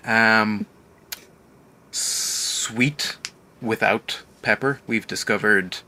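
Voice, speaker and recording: A man, co-hosting a casual podcast with deadpan, dry humor. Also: on the low side, very slow. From Ireland. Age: 30s. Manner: deadpan, dry joking with restarts.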